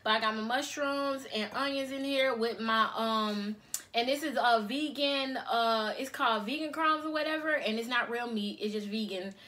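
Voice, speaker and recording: A woman's voice: fairly high pitch, normal speed, bright, forceful tone. A young woman filming a casual vlog in her bedroom on her cell phone, chatting to viewers and calling them y'all. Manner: chatty, addresses viewers as y'all, repeats okay. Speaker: mukbang vlogger.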